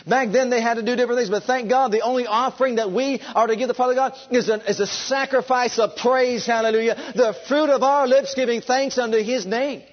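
A man preaching a sermon with fervent, drawn-out emphasis, leading his congregation to repeat after him. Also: very high-pitched, fairly even intonation, lo-fi sound. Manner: leads the congregation in call and response.

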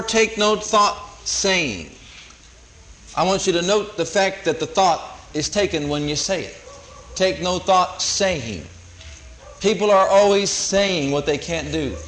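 A man's voice: high-pitched, a little hiss or hum, poor audio. A man preaching an emphatic sermon, repeating phrases and quoting scripture.

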